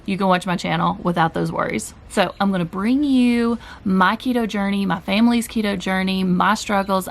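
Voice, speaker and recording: A woman's voice: mid-range voice, slight background noise. A woman in her forties talking candidly and heartfelt to her viewers in a personal vlog, direct and openly emotional at times, later cooking in her home kitchen. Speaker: keto vlogger.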